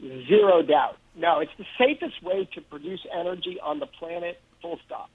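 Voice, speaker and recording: A man's voice: a little high, expressive, moderate pace, slightly rough. A man interviewed as a guest over the phone, speaking in a confident, upbeat, emphatic way. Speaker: guest government official. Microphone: telephone. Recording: tinny phone line.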